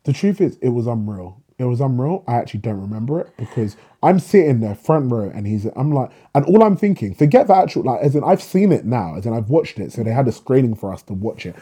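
Young guy, low and dark-toned, husky edge, lively storyteller who acts out the dialogue. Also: fast talker, hardly any pauses. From England. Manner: animated storyteller, acts out dialogue, swears freely. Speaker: guest, writer. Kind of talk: casual storytelling in a podcast conversation.

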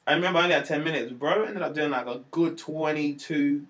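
A man, a comedian telling stories in a casual chat, animated and slangy, acting out quotes in a raised voice. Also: on the high side, fast talker. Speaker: comedian guest.

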